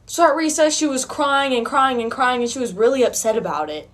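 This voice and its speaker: A woman's voice: high voice, big pitch swings, fairly quick, hardly any pauses. A young woman casually telling a funny personal story, chatty and full of fillers. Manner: chatty, uses many fillers, laughs while telling.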